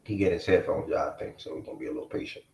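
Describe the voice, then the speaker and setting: A man's voice: rumbling low, racing, creaky, darkish tone, reverberant, a little hiss or hum. A man hosting a casual live sports chat stream, talking in a laid-back way full of slang. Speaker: host.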